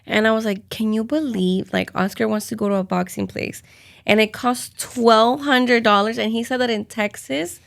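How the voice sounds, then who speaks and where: A woman's voice: fairly high pitch, steady tone, moderate pace, vocal fry. A woman in casual chat, teasing and laughing as she recounts family stories. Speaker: family vlogger.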